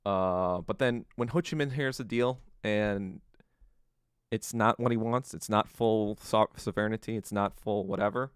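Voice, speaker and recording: A man's voice: fairly low pitch, measured pace, smooth, dry recording, clean studio sound. A man hosting a podcast, telling history in a loose, casual monologue full of swearing and acted-out quotes. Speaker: podcast host.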